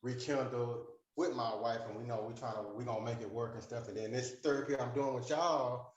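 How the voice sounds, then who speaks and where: A man's voice: mid-range voice, fairly even intonation, brisk, echoey room, muffled recording. A man telling a long personal story in a support group, rambling, with lots of fillers, and acting out the conversations he recalls. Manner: rambling, filler-heavy, acts out the dialogue he retells. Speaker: group member sharing his story.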